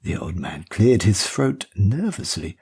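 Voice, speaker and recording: A man narrating an audiobook in a measured, expressive storytelling manner. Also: lowish voice, husky. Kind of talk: scripted narration.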